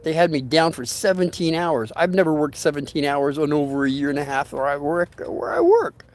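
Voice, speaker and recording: A man's voice: a little high, fairly even intonation, brisk. An older man hosting a casual storytelling livestream, rambling in a folksy way and greeting viewers by name as he reads their comments.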